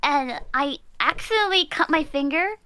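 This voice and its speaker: A woman's voice: sits high, lively intonation, normal speed, bright, forceful tone, no echo. A woman chatting casually as a streamer guest, hesitant and searching for words. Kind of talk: casual chat.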